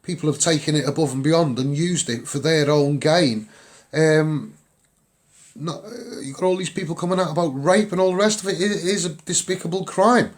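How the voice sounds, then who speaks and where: A man's voice: fairly high pitch, normal speed. A man with a Liverpool accent talking casually to viewers on a livestream, upbeat and rambling, repeating himself with lots of ums. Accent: Liverpool (Scouse). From England.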